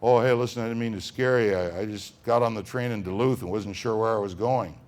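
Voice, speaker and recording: A man's voice: on the low side, fairly quick, a little mellow, lightly acted. A man voicing a friendly tall stranger who speaks firmly and reassuringly.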